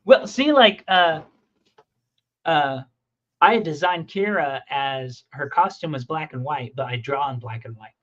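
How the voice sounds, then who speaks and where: In muffled, lo-fi audio, a man with a somewhat high voice speaks a little slowly, telling rambling stories about making comics. He's a comic creator and podcast host, and his animated anecdotes often restart mid-thought.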